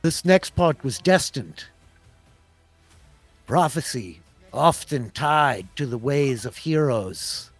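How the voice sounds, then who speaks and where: A man voicing a mysterious disembodied voice that makes calm, measured prophetic pronouncements. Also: mid-range voice, no room sound, faint music behind.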